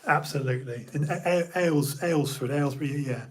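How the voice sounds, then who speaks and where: A man's voice: fairly high pitch, a little fast, breathy edge. A middle-aged man from Bournemouth, telling old stories in a rambling casual chat full of fillers and restarts. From Bournemouth, England.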